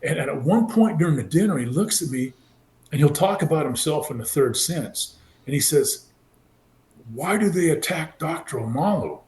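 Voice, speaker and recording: A man in his sixties from California, a former football player telling his story in an animated way and acting out the people he quotes. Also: a little high, moderate pace. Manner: animated, acts out quoted voices. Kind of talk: casual storytelling interview. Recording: roomy echo.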